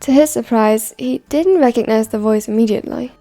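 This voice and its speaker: A woman narrating a fan story in an even, measured reading voice. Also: fairly high pitch, faint music behind.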